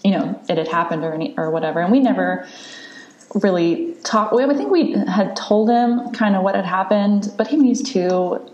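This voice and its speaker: A woman's voice: medium pitch, lively intonation, moderate pace, a little mellow, roomy sound, dull audio. A woman in her thirties, a podcast host, candidly telling a long personal story in casual chat, with lots of fillers and restarts.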